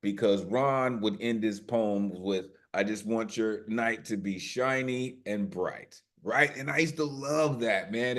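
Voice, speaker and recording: A man with a lowish voice hosts an online poetry open mic from a video call. He talks loosely and keeps hyping the poets, leaning on "listen" and "man" as he goes. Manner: warm hype, repeats "listen" and "man". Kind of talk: casual hosting chat and spoken word. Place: home via video call.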